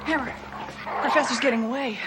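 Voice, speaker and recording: An actress playing a sharp, level-headed female police detective who talks in a reasoned, insistent way. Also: high voice, a little fast, loud music behind the voice, natural voice, low-quality recording.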